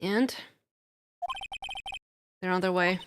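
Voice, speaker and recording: A woman's voice: lowish voice, slow, background noise. A woman putting on a folksy Southern gal. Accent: attempted Southern US. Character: brash Southern woman photographer, nosy and folksy.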